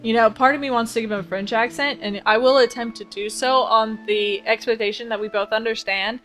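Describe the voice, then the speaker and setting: A woman playing a cozy video game and chatting excitedly, bubbly and self-mocking. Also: on the high side, brisk, faint music behind. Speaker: let's play host. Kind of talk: casual game commentary.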